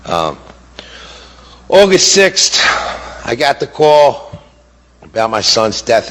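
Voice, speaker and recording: A man's voice: mid-range voice, a bit bright. A middle-aged man speaking as a bereaved father, giving impassioned testimony. He sounds indignant and repeats words for emphasis. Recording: long hall reverb.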